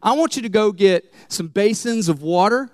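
A man's voice: high-pitched, animated, normal speed, dry recording, clean studio sound, voice pushed up. A man voicing a brash, confident male prophet who teases his rivals in a playful, mocking way. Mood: bold.

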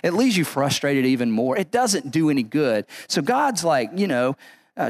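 Male pastor, slightly higher voice, preaching with emphatic repetition and restarts. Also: very animated, moderate pace, dry recording, studio quality. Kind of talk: sermon.

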